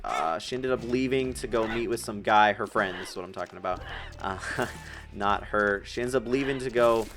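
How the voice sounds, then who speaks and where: This eighteen-year-old streamer has a lowish, slightly bright voice and talks at a moderate pace. While gaming, he rambles through a personal story, getting emotional and tearing up between nervous laughs.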